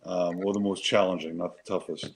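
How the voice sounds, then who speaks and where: A man's voice: low voice, steady tone, brisk, vocal fry, low-quality recording. A man, a Marine veteran co-hosting a casual chat show, telling stories in a profane, emphatic, rambling way.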